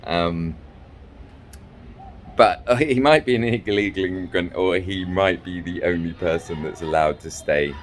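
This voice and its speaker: A man's voice: deep voice, unhurried, a little hiss or hum. A man from England, telling a meandering travel story with lots of ums and restarts. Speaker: vlogger and fairy maker. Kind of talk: rambling travel anecdote. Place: small hotel room.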